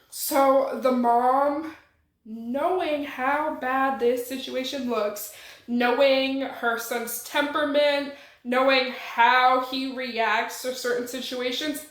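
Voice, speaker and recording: With a roomy echo around her, a high-pitched woman with a bit of brightness recaps a thriller in casual, slangy style. She tosses playful asides to the viewer as she reviews the book.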